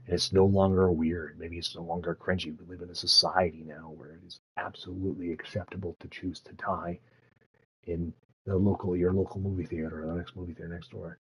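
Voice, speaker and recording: Man, very low voice, raspy and gravelly, swearing, laughing, rambling commentary. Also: level tone, fairly quick. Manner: profane, laughs often, musing out loud. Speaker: streamer.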